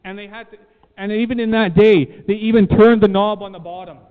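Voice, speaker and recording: High-voiced man preaching a sermon. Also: steady tone, fairly quick. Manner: emphatic, repeats key phrases, asks the room questions. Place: church room. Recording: tinny phone-like sound, long reverb.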